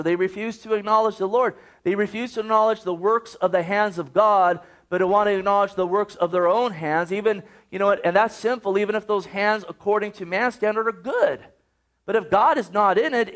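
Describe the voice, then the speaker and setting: A man preaching a sermon, earnest and urging, often quoting scripture. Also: high-pitched.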